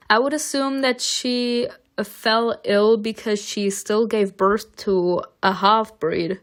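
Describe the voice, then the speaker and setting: A woman reading a story game aloud and narrating, with expressive reading broken by chatty asides. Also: mid-range voice, slow, few pauses. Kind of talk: reading a visual novel aloud with commentary.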